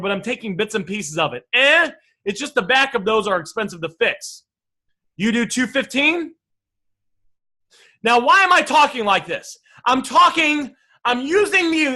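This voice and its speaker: In a relaxed online class on negotiation, this male coach comes across as brash, cursing freely and constantly addressing listeners as "guys." His voice is very high-pitched, pushed and bright.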